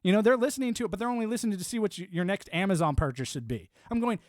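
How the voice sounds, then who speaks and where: A man's voice: sits high, lively intonation, very fast, hardly any pauses, no room sound, clean studio sound. A man in his forties ranting on a live stream, rambling and swearing, with lots of "you know". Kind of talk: ranting monologue.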